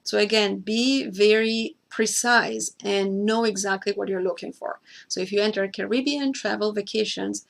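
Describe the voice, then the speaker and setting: A woman walks viewers through a screen-share tutorial, going step by step and repeating the key points so nobody gets lost. Her voice has a noticeable gravelly edge, and it sits at an ordinary middle pitch. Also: fairly even intonation, normal speed. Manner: addresses a co-host by name. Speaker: host.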